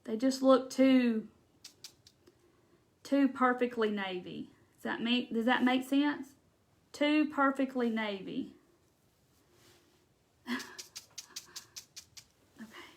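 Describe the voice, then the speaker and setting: A woman with a Southern accent chats through a live crafting session. Her voice sits a little high, and her talk is folksy and loose, full of asides and small laughs. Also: slow, creaky, pauses often. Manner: chatty, folksy, laughs often, thinks aloud. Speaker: craft livestream host. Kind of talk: casual chat while crafting.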